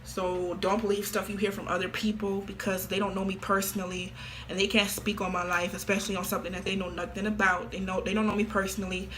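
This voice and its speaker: Offhand slangy young-sounding woman, bright voice. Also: mid-range voice, level tone, fast talker, slight background noise. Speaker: vlogger. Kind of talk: casual confession to camera.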